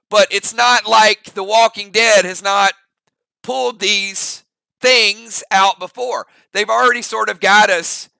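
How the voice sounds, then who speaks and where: High, gravelly-voiced man chatting on stream. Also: pushed and bright, no echo. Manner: rambling, thinks aloud with restarts, talks straight to chat. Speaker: live-stream host reacting to a TV episode. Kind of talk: live-stream reaction chat.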